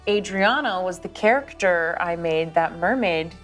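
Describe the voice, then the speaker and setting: A woman player on a live game stream, reading chat aloud and chatting in a giggly, animated way. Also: fairly low pitch, unhurried, soft background music. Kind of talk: casual chat.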